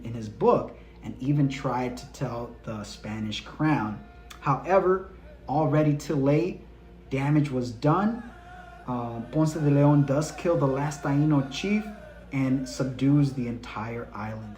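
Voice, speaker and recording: A man's voice: mid-range voice, a little mellow. A man hosting a history lesson, talking bluntly and casually with slang. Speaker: history channel host. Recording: roomy echo with faint music.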